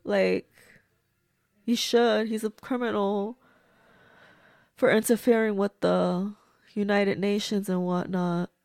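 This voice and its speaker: A woman's voice: medium pitch, level tone, slow, gravelly, darkish tone, no room sound, studio quality. A woman, host of a movie review show, chatting casually and exclaiming at the screen as she watches along.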